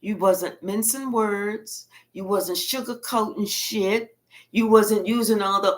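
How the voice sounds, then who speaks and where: A woman's voice: mid-range voice, fairly even intonation, takes it slowly. A woman giving a casual tarot reading in a blunt, colloquial manner with frequent cursing. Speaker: tarot reader.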